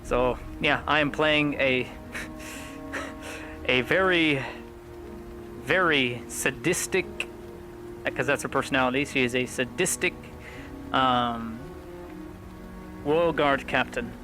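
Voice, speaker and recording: A man's voice: medium pitch, slow pace, pauses often, music in the background, poor audio. A man streaming a roleplay game, chatting casually and joking between scenes, swearing freely.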